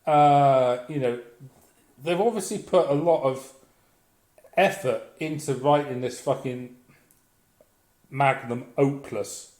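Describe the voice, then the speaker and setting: A man's voice: mid-range voice, takes it slowly, long pauses, a little mellow. A man delivering a blunt, profane, sardonic comic rant as a vlogger. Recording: echoey room.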